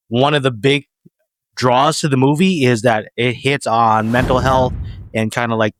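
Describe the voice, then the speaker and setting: A man's voice: mid-range voice, no echo. Opinionated man in casual podcast chat. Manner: animated, opinionated, trails off with restarts. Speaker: podcast co-host.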